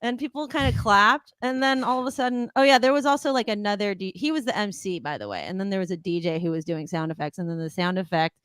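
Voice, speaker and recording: A woman's voice: mid-range voice, expressive, fast talker, few pauses, fairly bright tone, clean tone, dry recording. A woman co-hosting a casual chat show, telling a story in a chatty way and laughing often. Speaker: co-host.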